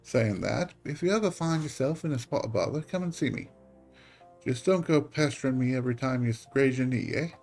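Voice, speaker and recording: A man's voice: medium pitch, brisk, a little mellow, soft background music, close to an everyday voice. A man playing a jovial, fatherly old guild official. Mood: hearty, jovial. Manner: jovial, folksy and chiding. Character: hearty, fatherly older male guild official.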